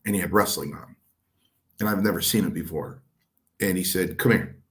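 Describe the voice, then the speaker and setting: A man's voice: sits low, normal speed. A middle-aged man, a former pro wrestler, telling stories in an interview and acting out the dialogue. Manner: animated storyteller acting out quoted dialogue. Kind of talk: shoot interview storytelling.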